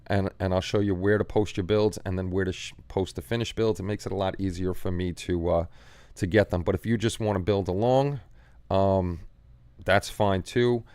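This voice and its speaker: A man's voice: deep voice, steady tone, normal speed, darkish tone, clear, resonant tone, no echo. A man hosting a casual hobby livestream, chatting loosely, repeating words and answering viewers' chat. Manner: rambling, repeats words, reads chat aloud. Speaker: livestream host.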